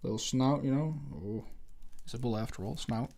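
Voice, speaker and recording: A man hosts a laid-back livestream, talking to his viewers while he draws. His voice is mellow and warm, with mid-range pitch. He rambles and jokes crudely into a desk microphone. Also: normal speed, vocal fry. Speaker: livestream host. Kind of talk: casual livestream chat while drawing.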